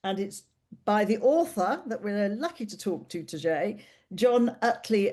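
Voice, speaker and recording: A woman's voice: mid-range voice, expressive, a little slow, a little mellow. A woman hosting a podcast interview, talking casually and spelling details out carefully. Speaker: podcast host.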